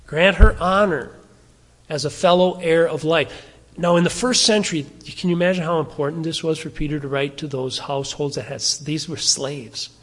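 A man's voice: fairly high pitch, fairly bright tone. Man preaching in a reverberant hall. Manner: conversational preaching with asides and rhetorical questions. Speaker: pastor. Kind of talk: sermon.

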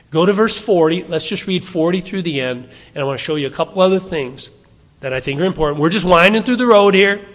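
Male preacher, fairly high voice, talks it through with the room, long hall reverb. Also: fairly bright tone. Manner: conversational, asking the listeners questions. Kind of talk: expository Bible teaching.

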